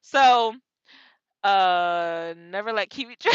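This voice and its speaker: Bright, high-voiced woman telling a story. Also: normal speed, no room sound, muffled recording. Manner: animated, laughing, dramatic retelling. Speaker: vlogger, truck driver. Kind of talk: casual storytelling vlog.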